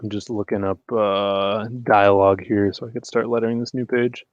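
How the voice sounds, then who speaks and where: A man hosting a casual livestream, chatting with guests and plugging links to viewers in a relaxed way. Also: lowish voice, moderate pace, no echo. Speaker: livestream host. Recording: dull, dry lo-fi mic sound.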